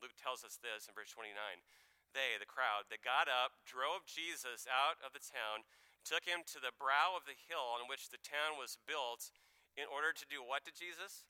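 Guy preaching, super bright clear voice, dry close sound. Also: medium pitch, moderate pace, dry recording. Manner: animated, conversational preaching with acted-out voices. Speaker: pastor. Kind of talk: sermon.

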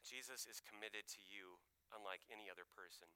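Bright, crisp-voiced male preacher. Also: on the low side, a little fast. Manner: animated, conversational preaching with acted-out voices. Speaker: pastor. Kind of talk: sermon.

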